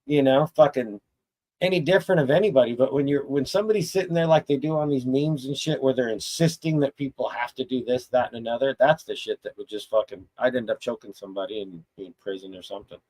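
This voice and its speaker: A man's voice: mid-range voice, fast talker, darkish tone, poor audio. A middle-aged man hosting a live chat stream, talking bluntly and profanely in a rambling, casual rant full of restarts.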